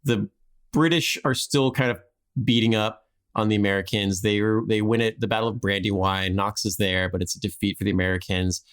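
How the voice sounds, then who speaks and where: A man's voice: fairly low pitch, fairly even intonation, a little fast, a bit bright, clean tone. A man hosting a podcast, telling a history story in a rambling, casual way with frequent restarts and laughs.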